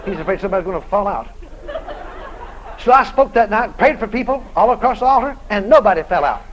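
High-pitched, animated preacher man. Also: quick pace, lo-fi sound, some chatter behind, a little hiss or hum. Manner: animated, laughing storyteller who acts out the voices in his story. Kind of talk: storytelling sermon.

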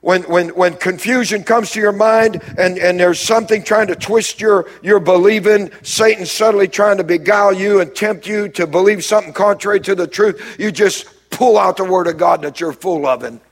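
Guy preaching a sermon, kinda husky, higher voice, goes quiet then loud and punchy. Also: moderate pace, few pauses. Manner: preaching with sudden swings from quiet to raised, emphatic. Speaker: pastor.

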